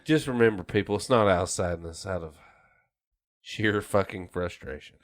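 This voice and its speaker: A man's voice: low voice, normal speed. A man co-hosting a podcast, telling stories in a profane, rambling way. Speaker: podcast co-host. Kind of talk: casual chat.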